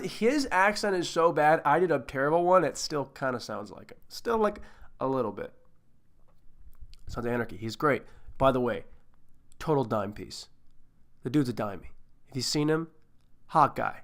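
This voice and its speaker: A man's voice: on the high side, very animated, moderate pace, pauses often, a bit bright. A man hosting a podcast, reviewing a movie in a loose, rambling, jokey way with plenty of swearing. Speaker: podcast host. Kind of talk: casual movie-review chat.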